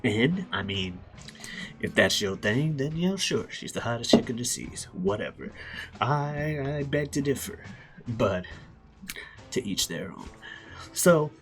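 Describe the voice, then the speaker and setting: A man's voice: mid-range voice, very animated, slow, long pauses. A man casually retelling a story in a rambling, profane way as host. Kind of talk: casual comedic story recap.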